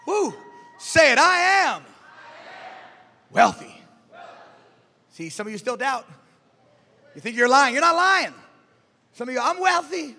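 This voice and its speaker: High-pitched shouting male preacher. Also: lively intonation, unhurried, gravelly, long pauses. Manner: shouting call-and-response, drives the crowd. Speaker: pastor. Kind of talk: preaching a sermon. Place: large church hall with music. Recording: echoey church hall with music behind.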